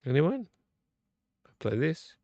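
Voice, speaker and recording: A man's voice: a little high, big pitch swings, slow pace, darkish tone, dry recording, highs cut off. A man hosting a late-night live vlog, a bit tipsy from beer, rambling and blunt and swearing freely. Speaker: livestream host.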